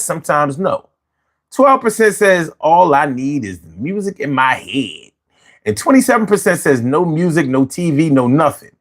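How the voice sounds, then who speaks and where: A man's voice: fairly high pitch, a bit bright. A man hosting a casual livestream show, talking loosely in slang, repeating himself and saying he is tired. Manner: loose, repetitive, slangy, restarts words.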